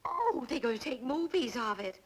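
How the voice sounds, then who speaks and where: A woman voicing a cheerful, gently teasing middle-aged housewife in a cartoon. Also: sits high, big pitch swings, normal speed, breathy edge, full character voice. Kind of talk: cartoon voice acting.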